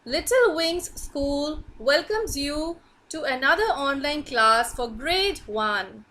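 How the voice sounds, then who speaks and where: A woman teacher leads an online reading class for young children. Her high voice swings up and down in a lively sing-song. She speaks slowly and clearly, with a bright tone.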